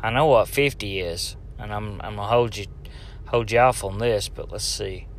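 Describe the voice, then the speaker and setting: A man's voice: lowish voice, normal speed, slight background noise. A man from Tennessee, hosting a casual solo podcast in a rambling, joking way and talking straight to the listener. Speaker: podcast host.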